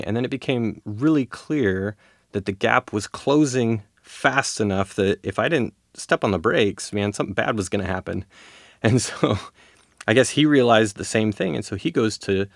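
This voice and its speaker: A man with a low, gravelly voice tells a personal story in a loose, rambling way. He laughs his way through it and is heard close up with no room sound at all. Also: lively intonation, normal speed, no echo. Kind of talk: casual storytelling.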